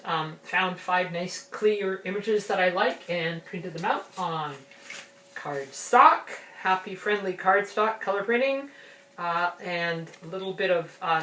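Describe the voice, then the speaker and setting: Slow-talking woman explaining a children's rhyme. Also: fairly low pitch, sharp tone. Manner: chatty, unhurried, explanatory. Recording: roomy, from a distance.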